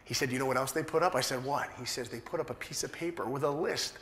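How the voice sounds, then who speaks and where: A man from New York telling a lively personal story to an audience and acting out the dialogue. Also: quick pace, a little hiss or hum. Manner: animated, acts out dialogue with big pitch swings. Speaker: speaker. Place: large hall. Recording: roomy hall echo.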